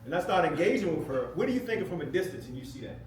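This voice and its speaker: A middle-aged man giving a playful, animated storytelling speech to a live audience, laughing often and acting out shouted quotes. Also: high voice, quick pace. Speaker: speaker at an event. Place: event hall with a live audience. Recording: echoey room from far off, noisy.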